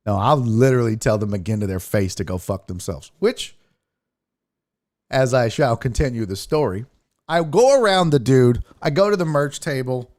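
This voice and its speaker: A man's voice: on the low side, darkish tone, no room sound, studio quality. A man hosting a sports podcast, telling a story in a casual, profane, mock-outraged way. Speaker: comedian and sports podcast host.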